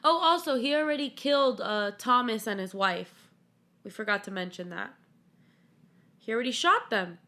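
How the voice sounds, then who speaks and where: High voiced woman cohost, giggly and chatty, lots of laughing. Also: normal speed, long pauses, bright, forceful tone. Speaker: podcast co-host. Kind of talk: casual chat.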